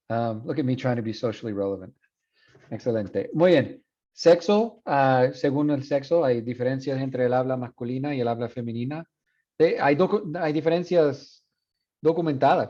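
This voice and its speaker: A man's voice: medium pitch, warm tone. Guy teaching class in spanish and english, lots of restarts, kinda muffled lo-fi audio. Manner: switches between Spanish and English, frequent restarts. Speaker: university Spanish instructor. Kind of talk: classroom lecture.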